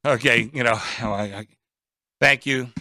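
Gravelly bright-voiced older man. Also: medium pitch, normal speed, dry recording. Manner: earnest storyteller. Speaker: radio guest. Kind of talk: casual radio chat.

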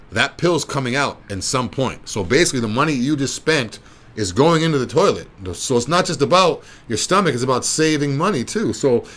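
A man who runs a wellness clinic, talking casually and persuasively in a rambling, repetitive way and pushing his point again and again. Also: mid-range voice. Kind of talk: casual explanatory talk.

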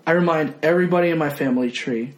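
A man's voice: on the high side, fast. A man chatting as a podcast guest, telling family stories with bursts of mock outrage. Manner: animated storyteller, drops into mock outrage. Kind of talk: casual podcast chat. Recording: roomy echo with faint noise.

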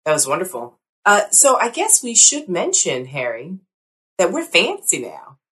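A woman's voice: on the low side, huge pitch swings, a little slow, a bit bright, poor audio. A woman co-hosting a podcast in casual chat, playful and upbeat. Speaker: podcast co-host.

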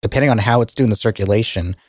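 A man co-hosting a casual podcast who is losing his voice and keeps clearing his throat. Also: lowish voice, very fast, no echo, studio quality. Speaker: podcast co-host. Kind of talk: casual tech podcast chat.

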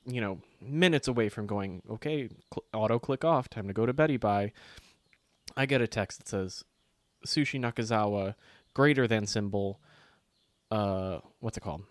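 A man's voice: on the low side, clear, resonant tone, no echo. A man co-hosting a podcast in casual chat, telling stories with a sarcastic, profane edge. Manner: profane, sarcastic, animated storytelling. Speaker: podcast co-host.

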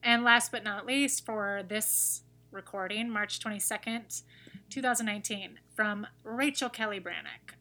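A woman co-hosting a podcast, reading listener reviews aloud in a brisk, wry, casual way. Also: on the high side, bright, forceful tone. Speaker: podcast co-host.

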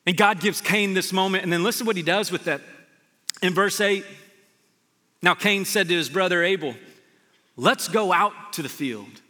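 A man preaching a sermon as pastor, telling stories with animated energy. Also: high-pitched, moderate pace, long pauses. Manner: animated storytelling, shouts in retold scenes. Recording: long hall reverb.

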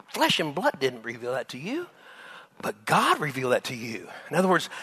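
A man's voice: medium pitch, a little fast, husky. A male pastor preaching a sermon, acting out Bible scenes with laughter and asides to the congregation. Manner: animated, acts out Bible dialogue with laughs.

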